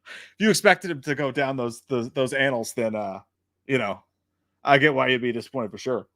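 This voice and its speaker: A man's voice: mid-range voice, normal speed, no echo, clean studio sound. A man hosting a casual livestream, talking in a loose, profane way and answering chat comments. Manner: profane, animated storytelling. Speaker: host.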